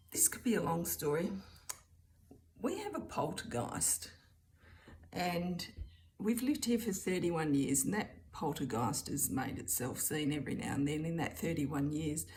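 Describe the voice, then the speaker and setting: A woman's voice: lowish voice, a little mellow. A middle-aged woman with an Australian accent telling a rambling story in a chatty, casual way. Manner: chatty, rambling, keeps returning with "anyway". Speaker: vlogger.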